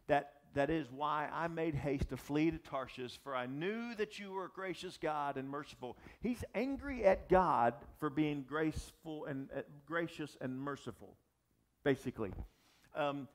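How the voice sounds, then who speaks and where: A man's voice: fairly high pitch, a little slow. A man preaching a sermon as pastor, talking animatedly with frequent restarts and asides to the audience. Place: church or gathering space for young adults.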